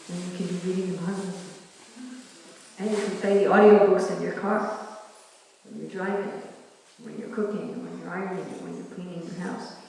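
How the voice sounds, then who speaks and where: An older woman giving a scripture class, lively, acting out little quoted dialogues as she teaches. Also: lowish voice, a little hiss or hum. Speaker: class speaker. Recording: echoey hall, mic far off.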